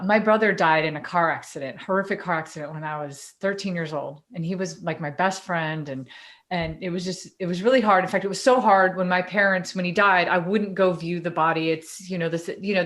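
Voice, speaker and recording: A woman co-hosting a podcast, telling a personal story in a chatty, animated way. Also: fairly low pitch, a little fast. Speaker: podcast co-host and coach. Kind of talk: casual storytelling in conversation.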